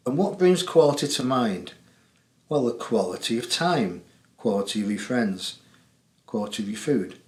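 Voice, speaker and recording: Jokey English man hosting in an echoey room. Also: medium pitch. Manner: chatty, jokey, laughs often. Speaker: host of a spiritual call-in show. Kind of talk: casual monologue to viewers.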